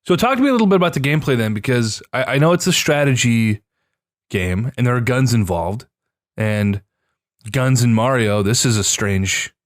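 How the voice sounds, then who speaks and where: Young adult male podcast co-host, lively reactive delivery, dry close-mic sound. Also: mid-range voice, no room sound. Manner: animated, quick reactions and swearing. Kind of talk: casual chat.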